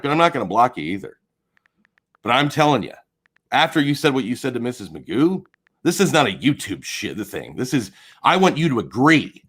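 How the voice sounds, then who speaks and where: An angry man on a livestream, swearing and swinging between low mutters and shouts. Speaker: streamer. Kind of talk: heated livestream rant.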